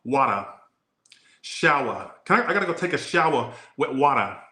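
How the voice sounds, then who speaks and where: A man imitating a loud laundromat woman with a Boston accent, yelling brashly. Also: medium pitch, animated, moderate pace. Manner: shouty, brash. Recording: echoey room.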